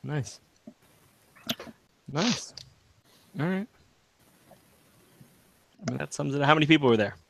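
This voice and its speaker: A man's voice: fairly high pitch, expressive, a little slow, vocal fry, long pauses, fairly bright tone, slight background noise. A man co-hosting a collectors' podcast, tossing in dry, wry quips during casual chat. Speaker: podcast co-host.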